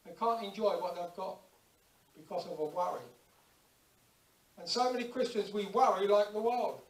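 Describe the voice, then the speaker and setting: A man preaching a lively sermon in a church, acting out little everyday scenes and prayers as he goes. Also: high voice, normal speed. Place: church hall. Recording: echoey church hall, distant mic.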